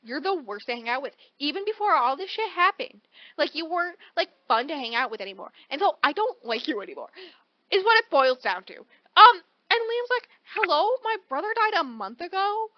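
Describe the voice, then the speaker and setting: A woman's voice: high-pitched, fairly quick, dry recording, muffled recording. A woman co-hosting a casual book podcast, summarizing a story animatedly and acting out the characters' lines. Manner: animated, acts out character quotes. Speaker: podcast co-host.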